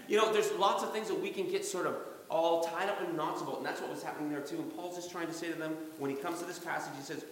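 A man preaching a sermon as pastor in a church, animated, acting out quotes and chuckling often. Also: on the high side, fast. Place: church sanctuary during a service. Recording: very echoey hall reverb.

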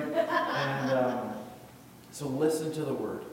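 A man's voice: mid-range voice, steady tone, moderate pace. A man preaching a casual, story-filled sermon as a youth pastor, acting out quoted voices. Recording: echoey hall, distant mic, faint noise.

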